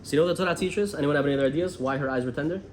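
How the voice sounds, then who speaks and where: An American man teaching a lively Torah class, asking the room questions as he goes. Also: fairly high pitch, very fast, a crowd in the background. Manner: animated, asks the room questions. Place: classroom with a group.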